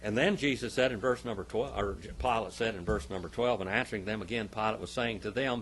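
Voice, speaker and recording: A man teaching a church Sunday school class. He swings between loud, emphatic bursts and quiet asides, and repeats phrases for emphasis. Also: fairly low pitch, fast talker, hardly any pauses, a little hiss or hum.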